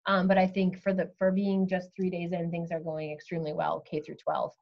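A woman school official, giving measured updates on a video call with many ums. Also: fairly low pitch, completely flat delivery, vocal fry, dull audio. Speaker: school superintendent. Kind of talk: virtual meeting update.

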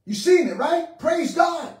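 Pastor, male, high-pitched and fervent, heard from a distance in a reverberant room. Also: expressive, unhurried. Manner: fervent, swings between shouting and hushed prayer. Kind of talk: charismatic sermon. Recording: echoey room, mic at a distance.

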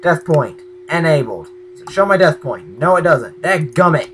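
A young man giving Let's Play commentary, shifting between quiet muttering and yelling at the game. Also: on the high side, moderate pace, slight background noise. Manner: excitable, yells at the game, then mutters quietly. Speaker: gaming channel host.

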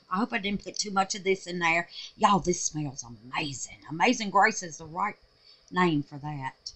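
A woman's voice: mid-range voice, fairly bright tone. A woman chatting through a soap-making vlog, gushing and exclaiming and calling her viewers honey and babies. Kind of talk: casual craft vlog chat.

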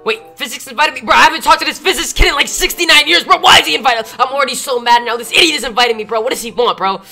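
A teenage boy streaming a video game, trash-talking opponents and yelling in rage. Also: very high-pitched, rapid-fire, gravelly, soft background music. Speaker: gamer being pranked. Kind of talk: livestream gaming commentary.

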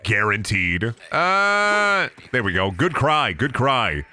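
A young man with a Midwestern accent streaming a game, rambling and cracking profane jokes as he plays. His voice is bright and forward, and his pitch swings widely from low mutters to sudden high bursts. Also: lively intonation, a little slow. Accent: Midwestern American. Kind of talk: casual gaming commentary.

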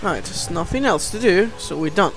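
High-voiced, lively gameplay commentator man. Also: moderate pace, soft background music. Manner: animated, exasperated, addresses viewers as guys. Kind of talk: let's play commentary.

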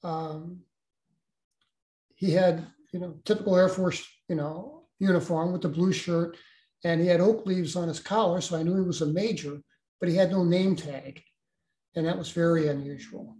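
An older man, a guest, recounting a personal experience in a halting way with many restarts. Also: high-pitched, fairly even intonation, dark tone, echoey room.

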